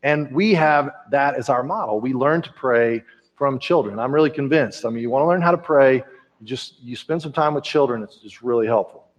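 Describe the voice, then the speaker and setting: A man's voice: mid-range voice, normal speed, highs cut off. A man with a Texan accent preaching a conversational sermon as pastor, talking with frequent restarts. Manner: conversational, warm storytelling with many restarts. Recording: church sanctuary with long reverb.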